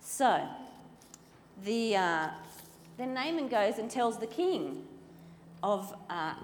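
A woman telling a Bible story to children in a lively, playful way, acting out the characters. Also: fairly high pitch, takes it slowly. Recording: reverberant hall with faint ambient noise.

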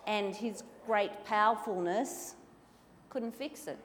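A woman telling a Bible story to children in a lively, playful way, acting out the characters. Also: mid-range voice, slow. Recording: reverberant hall with faint ambient noise.

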